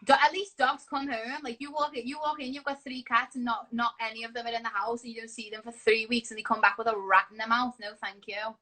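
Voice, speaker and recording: A woman chats as a guest on a livestream video call. Her voice is bright and forceful and sits a little high. She tells her stories in a playful, giggly way. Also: little pitch movement, fast, hardly any pauses, rough recording. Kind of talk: casual livestream chat. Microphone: video call on a phone livestream.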